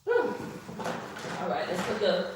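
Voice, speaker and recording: A woman's voice: fairly low pitch, wildly swooping pitch, unhurried, recorded from a distance, background noise. Sassy woman streaming from an echoey room. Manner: chatty, sassy, talks straight to viewers while stretching. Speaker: livestream host doing a stretching session. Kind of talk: casual instructional livestream.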